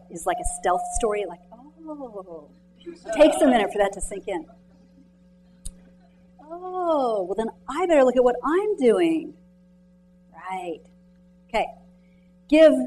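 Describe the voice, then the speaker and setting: A woman author giving a motivational talk to students and mentors in a lecture room, telling stories in a chatty, animated way and quizzing the audience directly. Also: medium pitch, low-quality recording. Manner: chatty, animated storytelling with many "like"s.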